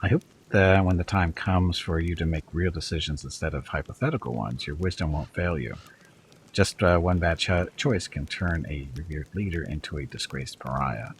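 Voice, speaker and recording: A man's voice: rumbling low, moderate pace, slight background noise. A man voicing a sly, hard-edged male kobold bard in a game, lecturing and probing as he talks. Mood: grave. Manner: probing, lecturing, cold when talking of traitors. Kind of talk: reading game dialogue aloud.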